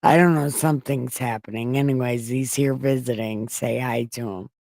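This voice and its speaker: A woman's voice: very deep voice, steady tone, normal speed, gravelly, darkish tone, no room sound. A woman livestreaming from home, reading scripture in a casual, irreverent way, crude and joking as she talks.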